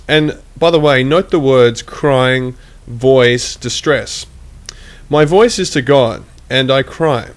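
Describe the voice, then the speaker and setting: A man giving critical commentary, measured and emphatic, reading quotations aloud as he argues. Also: mid-range voice. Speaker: online commentator.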